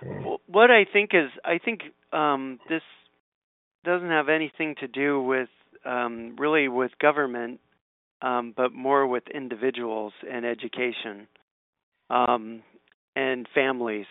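A man reading quiz questions aloud and thinking out loud in casual chat, with frequent ums and restarts. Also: mid-range voice, steady tone, a little slow, clear, resonant tone, no echo. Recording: tinny phone-like audio.

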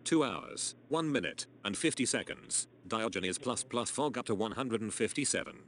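A man's voice: mid-range voice, animated, normal speed, fairly bright tone, slight background noise. Man reading out numbers and commands in a voice chat. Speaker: participant in an online voice chat.

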